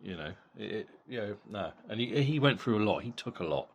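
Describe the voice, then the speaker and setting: A middle-aged man with a deep voice gives a casual boxing fight review. He talks bluntly and swears freely, often stumbling and repeating words. Faint background noise sits under his voice. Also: lively intonation, brisk. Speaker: boxing vlogger.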